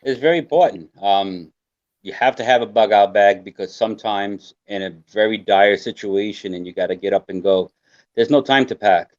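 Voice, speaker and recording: An older man with a fairly low voice joins a casual podcast chat as a guest survival expert, speaking at a moderate pace. He's earnest but rambling and repeats himself, and the recording sounds dry, dull and lo-fi.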